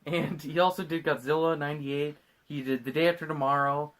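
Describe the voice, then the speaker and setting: A man hosting a podcast, drunk, recapping a movie in a rambling, swearing, animated way. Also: on the high side, fairly quick. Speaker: podcast host.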